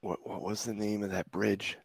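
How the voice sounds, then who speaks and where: A man narrating a tabletop game as game master, halting and searching for words. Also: on the low side, flat delivery, creaky, slightly rough, dry recording.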